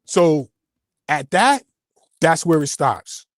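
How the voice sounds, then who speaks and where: A man's voice: on the high side, animated, takes it slowly, no room sound, clean studio sound. A man speaking as a guest in a heated panel debate, emotional and stammering, repeating himself.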